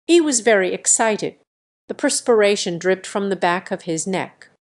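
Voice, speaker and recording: A woman narrating a classic novel as an audiobook, in a measured, even storytelling manner. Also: mid-range voice. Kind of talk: scripted narration.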